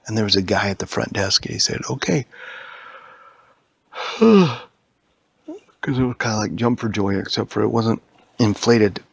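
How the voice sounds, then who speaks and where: A man improvising a bedtime story for a child in a quiet bedroom, soft and meandering. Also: on the low side, steady tone, fast, vocal fry, slightly rough, no room sound. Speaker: father telling a bedtime story.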